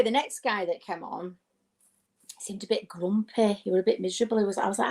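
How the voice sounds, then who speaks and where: A woman's voice: medium pitch, a little fast, a little mellow. Chatty woman doing stand-up. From United Kingdom. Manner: chatty, rambling, self-mocking with frequent asides. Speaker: stand-up comedian. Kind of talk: stand-up comedy set. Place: home during lockdown. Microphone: webcam or laptop mic.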